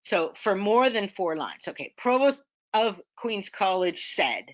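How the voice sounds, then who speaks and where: A woman's voice: medium pitch, very animated, a little slow, dry recording. Woman, seminar lecturer, conversational, dry dull lo-fi recording. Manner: conversational, checks in with "okay?" and "right?". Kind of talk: academic lecture.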